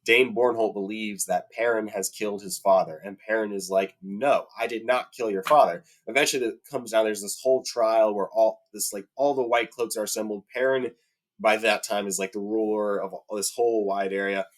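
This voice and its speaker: A man with a fairly low speaking voice talks through a long, casual rant, filling gaps with ums and likes. When he gets indignant his voice jumps much higher and louder, then settles back down as he retells the plot. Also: steady tone, normal speed. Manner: heated, rising to high-pitched indignation, many fillers. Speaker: book fan commentator. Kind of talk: casual rant about a TV adaptation.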